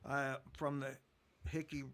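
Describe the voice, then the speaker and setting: Rambling man from Michigan, bright voice. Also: mid-range voice, little pitch movement, a little slow. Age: 50s. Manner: rambling, self-mocking storytelling with fillers. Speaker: comedian guest. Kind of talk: casual podcast chat.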